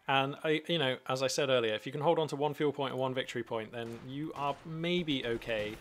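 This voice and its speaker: Male streamer casting a strategy match live; average pitch, animated and chatty, with faint background noise. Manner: animated, chatty, thinks aloud with frequent restarts. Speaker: live game caster and streamer. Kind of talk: live commentary on a strategy game.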